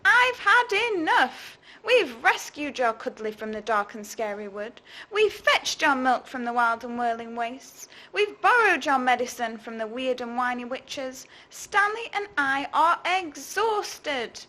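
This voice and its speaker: Storybook girl, fed up and cross, read by a woman; high, bright, deliberate. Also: big pitch swings, full character voice. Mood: exasperated. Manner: cross, emphatic.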